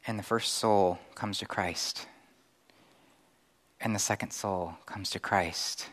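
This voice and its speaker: A middle-aged male pastor preaching a conversational sermon with animated acted-out asides. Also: sits low, slow.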